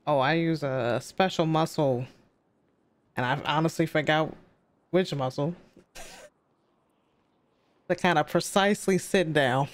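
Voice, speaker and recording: A woman's voice: sits low, measured pace, pauses often. A young woman streaming a role-play game, chatting loosely and giggling, with the odd swear word. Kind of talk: casual gaming chat.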